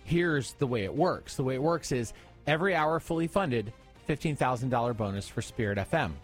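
A man hosting a Christian radio morning show, chatting upbeat and pitching listeners to give during a fundraiser. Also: animated, husky, soft background music. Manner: upbeat, pitching donations with quick bursts.

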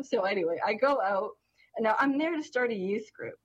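Animated woman telling a funny story. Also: a little high, fairly quick, slightly rough, lo-fi sound. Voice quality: distinctive voice. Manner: animated, laughs through her story. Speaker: co-host. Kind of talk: casual storytelling chat.

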